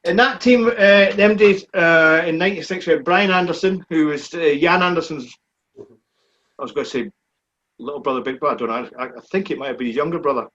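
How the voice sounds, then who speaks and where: A man in his forties with a Scottish accent, a speedway rider answering questions in a relaxed, plain-spoken way during a live online chat. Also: a little high, brisk. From Scotland. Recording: dull, muffled lo-fi stream audio.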